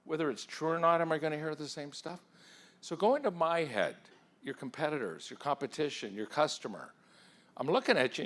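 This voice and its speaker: A man giving an interactive talk at a conference, firing questions at the audience in an energetic, persuasive way. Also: a little high. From England. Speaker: keynote speaker. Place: conference hall.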